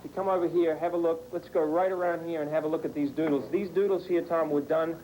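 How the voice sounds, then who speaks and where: A man's voice: a little high, steady tone, quick pace, mellow, a little hiss or hum, low-quality recording. A man working as a field reporter, giving an upbeat, chatty on-location TV report from indoors. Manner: upbeat, chatty, addresses the anchor by name. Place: indoor collection room on location.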